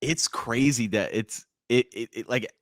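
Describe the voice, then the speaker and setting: A man co-hosting a podcast, excitedly sharing his reactions to a horror movie and acting them out. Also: medium pitch, a little slow, no echo, studio quality. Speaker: podcast co-host. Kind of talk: casual movie breakdown chat.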